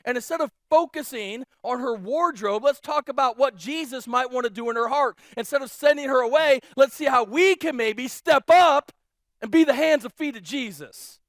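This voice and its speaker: Pastor, male, higher than usual pitch, dry close sound; relaxed storytelling sermon full of restarts. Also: moderate pace, no echo. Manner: casual, animated storytelling with many restarts. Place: church auditorium.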